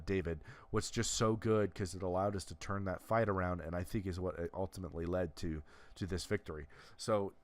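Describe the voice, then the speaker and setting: Man, casual game commentary, analytical, lots of restarts, lowish voice. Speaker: gameplay commentator.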